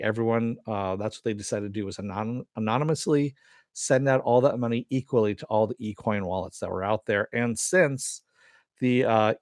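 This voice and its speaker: Low-voiced man recapping a TV episode. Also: a little mellow, no room sound, clean studio sound. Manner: rambling, many "you know" and "uh" fillers. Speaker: TV episode reviewer.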